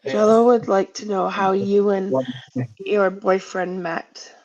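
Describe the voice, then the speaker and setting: A woman hosts a livestream, talking slowly and hesitantly with a gravelly edge. She reads out questions from chat. The audio is dull and lo-fi. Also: mid-range voice, steady tone, darkish tone. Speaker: livestream host.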